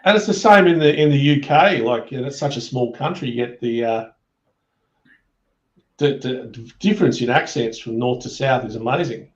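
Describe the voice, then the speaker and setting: A man's voice: medium pitch, normal speed, reverberant, highs cut off. A man from Australia with an Australian accent, chatting casually and teasingly on a video call, often calling people dude. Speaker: participant in an online hangout. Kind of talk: casual chat.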